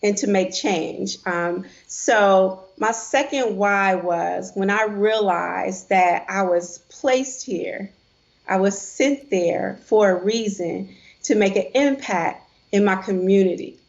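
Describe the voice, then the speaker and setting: A woman's voice: mid-range voice, takes it slowly, gravelly. A middle-aged woman, a financial advisor and coach, telling a heartfelt personal story as an interview guest. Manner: heartfelt, earnest storytelling with quoted voices. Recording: dull lo-fi sound.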